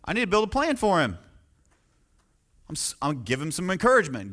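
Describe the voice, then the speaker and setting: A man giving a sales training talk as a real estate coach, energetic and emphatic, often asking the audience questions. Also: sits high, a little fast, pauses often.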